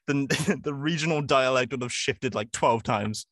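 A man's voice: medium pitch, measured pace, a bit bright, dry recording, clean studio sound. A man with an English accent, guest on a casual podcast, rambling and joking as he talks. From England. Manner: rambling, joking, swears freely. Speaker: guest voice actor.

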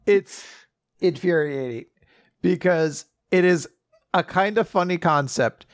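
A man's voice: high-pitched, takes it slowly, dry recording, clean studio sound. A man co-hosting a podcast who gives wry, exasperated commentary. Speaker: podcast co-host. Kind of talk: casual chat.

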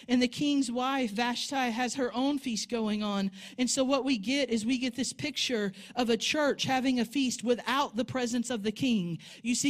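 A woman preaching a sermon in a church sanctuary, telling a story and building to fervent exhortation. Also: on the high side.

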